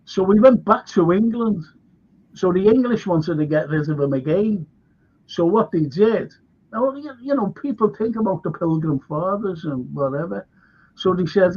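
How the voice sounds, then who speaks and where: A man with a Liverpool accent tells history stories in a chatty, wandering way. He often breaks into little acted-out voices for the people in his tales. His voice sits high and a little husky, and it comes through muffled, lo-fi livestream audio. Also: lively intonation, moderate pace, warm tone. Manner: rambling anecdotes, acts out quoted voices. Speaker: local historian. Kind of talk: livestream storytelling chat.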